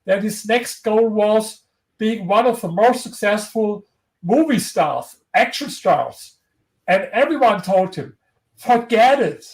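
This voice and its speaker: A man with a strong German accent speaks in a fairly high voice as a guest in a conversational interview. He sounds earnest and motivational, and he often stops and restarts his sentences as he goes. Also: expressive, slow, poor audio.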